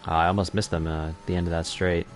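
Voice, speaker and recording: Commentating an online racing league, a young man speaks quickly in a low voice with a level tone. His chatty, self-correcting delivery picks up during on-track battles, and the audio has a little hiss or hum.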